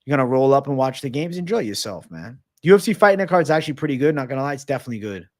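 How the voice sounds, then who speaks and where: A man hosts a casual livestream, reading chat messages and answering with loose, joking banter full of swearing. He often drops low and quiet as he finishes a thought. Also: expressive, rapid-fire. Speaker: livestream host answering viewer questions.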